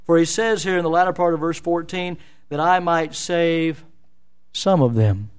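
A man's voice: on the high side, normal speed, smooth. A man preaching an expository sermon in a church, emphatic and full of rhetorical questions. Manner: emphatic, rhetorical questions, dramatic voicing of scripture.

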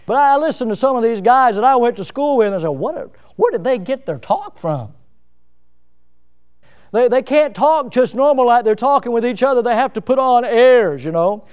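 A man preaching a sermon in a high, smooth, resonant voice. He is middle-aged and talks in a folksy, down-to-earth way. His delivery is animated and often pokes fun at himself. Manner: folksy, self-mocking humor with lively emphasis.

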